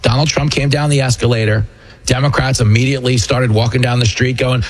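Husky New York man hosting. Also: animated, quick pace. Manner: mocking, acts out quotes in a shrill high voice. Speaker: show host. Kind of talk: political commentary monologue.

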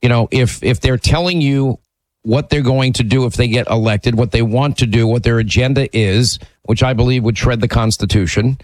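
A man's voice: medium pitch, no room sound, low-quality recording. A man hosting a talk radio call-in show, blunt and emphatic, often restarting his sentences.

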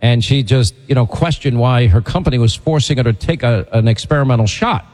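A man's voice: mid-range voice, fairly quick, in a large hall. A man hosting a talk show, telling stories and delivering indignant commentary. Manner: animated, indignant storytelling. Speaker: TV host.

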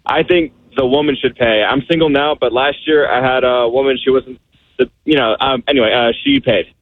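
A man's voice: medium pitch, steady tone, a little fast, no room sound. A man calling in to a radio show, hesitant and rambling, with fillers, over a phone line. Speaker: caller. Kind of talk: call-in radio chat.

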